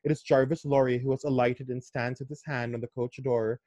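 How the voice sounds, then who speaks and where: A man's voice: medium pitch, little pitch movement, a little fast, warm tone, dry recording. A man reading a classic novel aloud, breaking off for chatty, enthusiastic asides. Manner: chatty, enthusiastic asides, mixes in local words. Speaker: book reader. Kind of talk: casual book reading with commentary.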